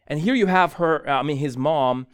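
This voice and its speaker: A man preaching a sermon as a pastor, telling a story in an animated way and often correcting himself mid-sentence. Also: a little high, moderate pace, smooth. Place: church.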